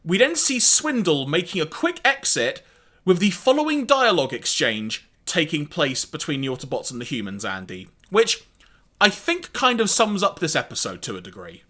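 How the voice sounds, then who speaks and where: A man co-hosting a podcast, recapping an episode in a casual, animated way with wry asides and laughs. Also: fairly high pitch, normal speed. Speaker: podcast co-host.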